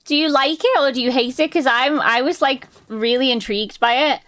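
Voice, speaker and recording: A woman chats on a live stream, rambling through anecdotes with plenty of swearing and laughter. Her voice sits a little higher than most women's. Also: brisk, a bit bright. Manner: chatty storytelling, frequent swearing and laughter. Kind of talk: casual chat stream.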